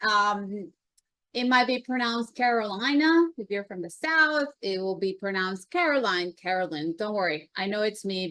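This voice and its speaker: A woman's voice: a little high, dry recording. A woman with a Colombian accent, hosting and presenting to a live audience in a welcoming way, with frequent ums. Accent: Colombian Spanish. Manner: warm, welcoming, with many ums. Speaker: event host, vice president of investor group.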